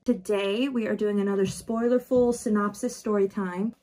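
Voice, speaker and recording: A woman chatting casually while she does her makeup, retelling a story in a lively way with quick asides. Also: mid-range voice. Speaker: vlogger. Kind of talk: casual book chat while doing makeup.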